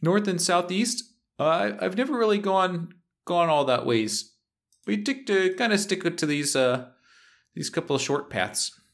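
A man's voice: high voice, expressive, a little slow, vocal fry, pitched above the performer's own voice, full character voice. Man playing a stammering nervous thief. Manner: stammering, jittery, pleading. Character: nervous male thief hiding underground.

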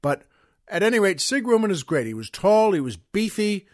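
A man's voice: high-pitched, very animated, normal speed, dry recording, clean studio sound. A man hosting a podcast, telling a long show-business story in a rambling way, with restarts, asides and chuckles. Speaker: podcast host. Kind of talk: casual anecdotal storytelling.

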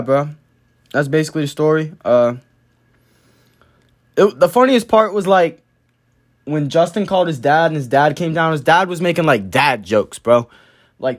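Slangy young man with a raised voice. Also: a little high. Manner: loose and profane, heavy slang, many fillers. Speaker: vlogger telling a story. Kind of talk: casual storytelling to camera.

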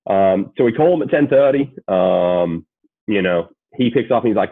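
Australian guy, late 20s, low voice, laid-back, swears a lot, phone-quality audio. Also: expressive, normal speed, dry recording. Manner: laid-back, swears freely, many fillers. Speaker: guest, sports agent. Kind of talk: casual storytelling. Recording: tinny phone-like call audio.

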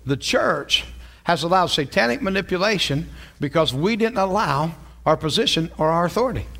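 A man preaching a sermon as pastor, asking his congregation questions and swinging from slow, soft passages to loud, emphatic ones. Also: on the high side. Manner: animated, rising from soft and slow to loud and emphatic, laughing asides.

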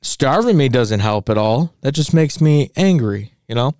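A man's voice: mid-range voice, expressive, darkish tone, no echo, clean studio sound. A man co-hosting a casual podcast chat, joking and self-mocking as he tells stories. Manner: jokey, self-mocking, drawn-out storytelling. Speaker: podcast co-host.

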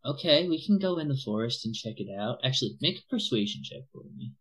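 A man's voice: medium pitch, lively intonation, fairly bright tone, breathy edge, rough recording. Man running a tabletop game. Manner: halting, many restarts and fillers. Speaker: game master.

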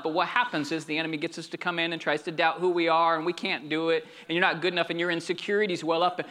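Man, pastor, sermon, high bright voice, calls for amens.

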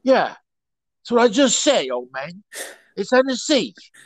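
A man putting on a loud, crude Cockney character with a blustering manner. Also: sits high, big pitch swings, unhurried, dry recording, pitched above the performer's own voice. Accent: Cockney, put on.

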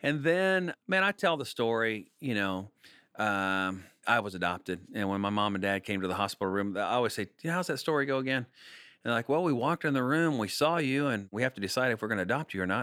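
A man in his thirties telling family stories in a casual interview, animated and full of jokes. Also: fairly low pitch, fast talker, no echo, studio quality. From Kansas, United States. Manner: animated, jokey storyteller. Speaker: singer-songwriter guest.

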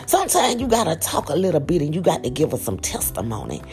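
Woman preacher, raspy gravelly voice, wildly swinging pitch, lower tone, soft music behind. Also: huge pitch swings, quick pace. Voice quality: raspy morning voice. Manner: impassioned preaching, swinging between hushed whispers and loud cries. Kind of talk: sermon.

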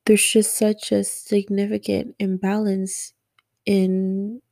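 A sleepy young woman musing softly and rambling in a late-night personal audio diary about being a mother. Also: mid-range voice, level tone, vocal fry, no echo. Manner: slow, rambling, soft-spoken, yawning.

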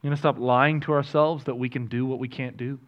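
The audio is dull as a man preaches briskly from the pulpit, his mid-range voice swinging between hushed moments and bursts of energy. As a pastor, he keeps his tone chatty and pokes fun at himself.

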